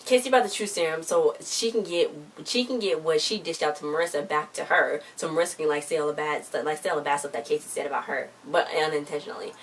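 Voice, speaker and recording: Fast-talking low-voiced woman recapping an episode. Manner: chatty, informal, retells scenes with lots of "she was like". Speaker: TV episode reviewer. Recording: distant mic with faint background noise.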